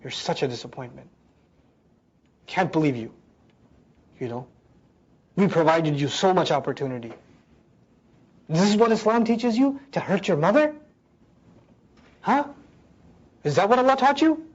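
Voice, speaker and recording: A woman's voice: fairly low pitch, expressive, a little slow, pauses often, a little mellow, husky. Hurt guilt-tripping mom, a man putting her on, bitter and accusing, dull lo-fi sound. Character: hurt, guilt-tripping middle-aged mother. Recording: dull lo-fi recording.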